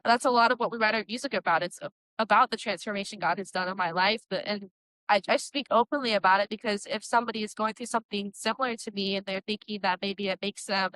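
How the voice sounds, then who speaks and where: Young woman guest, earnest and rambling testimony, mid-pitched, dry close mic. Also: sharp tone, no room sound, poor audio. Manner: earnest, rambling, many likes and you-knows. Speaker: guest, Christian metal singer. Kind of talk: candid personal testimony.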